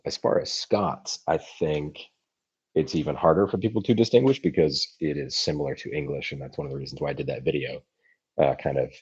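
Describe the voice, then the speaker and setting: A very deep-voiced American man chats through viewer questions on his livestream, thinking aloud with plenty of ums and restarts. His voice is dark and a little husky. The stream audio sounds dull and muffled. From United States. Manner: thoughtful, halting, many fillers and restarts. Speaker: language-learning channel host. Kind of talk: livestream Q&A chat. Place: home, streaming live. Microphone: computer mic for a livestream.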